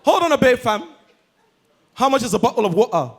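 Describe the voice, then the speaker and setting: Man doing a brash returnee with a put-on South East London accent, loud and high. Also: very animated, fairly quick, exaggerated voice. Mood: swaggering. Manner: loud, swaggering slang.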